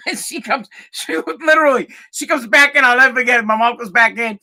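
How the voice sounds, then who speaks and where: A man's voice: extremely high pitch, fairly quick, hardly any pauses, pushed and bright. A young man hosting a podcast in a rambling, profane, casual monologue, often breaking into laughter. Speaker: podcast host.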